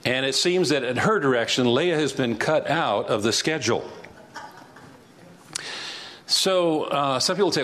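A man's voice: mid-range voice, lively intonation, unhurried, long pauses, a bit bright. Man teaching the Bible, conversational. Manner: conversational, asks rhetorical questions. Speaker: pastor.

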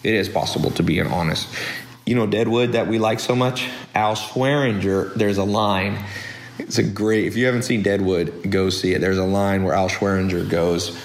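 A man hosting a podcast who talks in a blunt, opinionated, animated monologue style. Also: fairly low pitch, moderate pace, echoey room. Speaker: podcast host. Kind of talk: casual monologue.

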